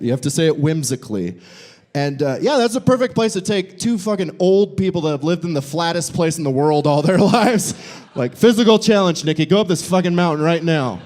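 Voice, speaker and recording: A man's voice: a little high, a little mellow. A young man from the Midwest doing a stand-up set live in a brewery, rambling and swearing, often laughing at his own jokes. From Nebraska. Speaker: stand-up comedian.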